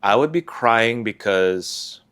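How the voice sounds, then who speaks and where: A man speaking softly and haltingly, with sighs and restarts, as he tells a personal story in a confessional vlog. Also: lowish voice, lively intonation, clear, resonant tone. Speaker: vlogger sharing a personal story.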